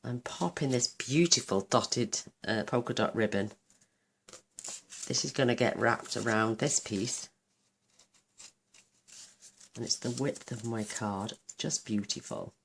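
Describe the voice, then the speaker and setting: A woman hosting a card-making tutorial, chatting enthusiastically while she works, her voice a little croaky. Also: a bass voice, takes it slowly, long pauses, a little hiss or hum. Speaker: craft channel host.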